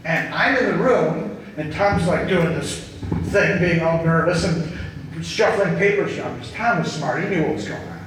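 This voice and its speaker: A man's voice: on the high side, animated, a bit bright, a little hiss or hum. Earnest man speaking in an echoey hall. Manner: earnest, slow and emphatic. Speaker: speaker at a group gathering. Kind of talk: inspirational talk and storytelling. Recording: echoey hall, distant mic.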